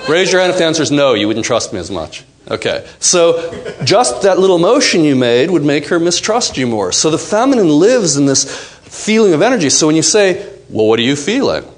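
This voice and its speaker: A man giving a seminar talk to a live audience, animated and playful, acting out quoted voices. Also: on the high side, normal speed, slight background noise. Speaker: seminar speaker.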